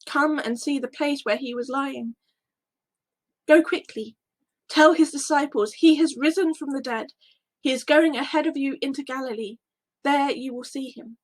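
A woman voicing a gentle shining angel. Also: high voice, moderate pace, close to an everyday voice, poor audio. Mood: reassuring. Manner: calm, reassuring.

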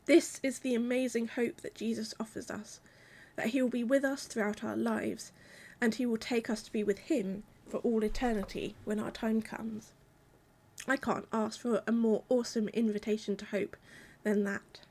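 A woman delivering a sermon in a calm, measured, reflective way. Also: on the high side. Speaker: preacher.

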